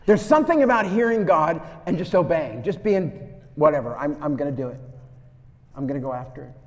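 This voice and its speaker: A man preaching a sermon, telling a story and acting out the voices, swinging from loud to hushed. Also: fairly high pitch, a little fast. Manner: animated, acts out quotes, swings from loud to hushed. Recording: long hall reverb.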